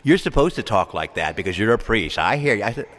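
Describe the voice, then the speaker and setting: A male priest giving a sermon, talking with animated swings in pitch and volume, adding asides and small laughs. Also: fast. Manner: animated preaching with wide swings, chuckles and asides. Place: large church. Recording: long church reverb.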